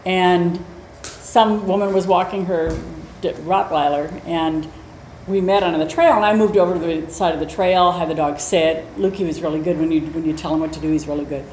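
A woman dog trainer teaching a class in a chatty, animated way, acting out little scenes as she explains. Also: on the low side, moderate pace. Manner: animated, chatty, acts out quotes. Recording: roomy echo, faint noise.

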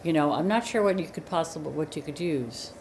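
Chatty lower-voiced woman, echoey room. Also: brisk, a little hiss or hum. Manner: chatty, explains patiently, animated storyteller. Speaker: dog trainer and co-host. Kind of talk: casual chat.

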